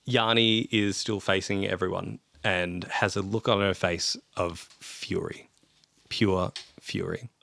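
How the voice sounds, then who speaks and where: A game master narrating a tabletop role-playing game in a relaxed storytelling way, with fillers. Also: low-pitched, takes it slowly, gravelly, dry recording.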